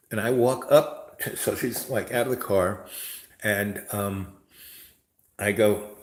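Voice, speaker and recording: A man's voice: low-pitched, steady tone, a little slow, reverberant, rough recording. A man hosting a rambling, chatty monologue and telling stories. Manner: chatty, storytelling, mimics others in raised voice. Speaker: host.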